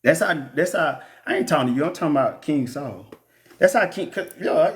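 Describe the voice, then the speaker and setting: A man's voice: on the high side, animated, fairly quick. Man, bible teacher, casual reading and commentary, blunt, joking, preacherly.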